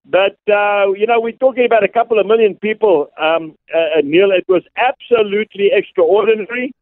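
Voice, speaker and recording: A South African man, an evangelist, telling stories earnestly with many pauses and fillers over a phone line. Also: high voice, no room sound. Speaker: guest evangelist.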